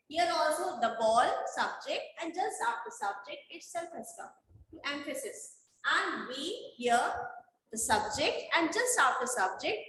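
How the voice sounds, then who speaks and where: A woman with a Nepali English accent teaching a primary school English class online, explaining slowly and checking whether students understand. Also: sits high, sharp tone, roomy sound, slight background noise, low-quality recording. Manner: slow, deliberate explaining with repeated checks for understanding.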